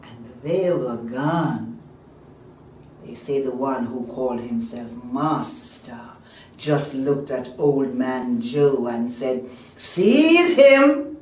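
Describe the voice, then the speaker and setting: A woman telling a folk tale on a live stage, swinging from hushed whispers to loud cries. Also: a bass voice, fairly even intonation, slow pace, a little hiss or hum. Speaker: storyteller. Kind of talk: dramatic live folk storytelling. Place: live performance venue. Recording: roomy live stage sound from far off.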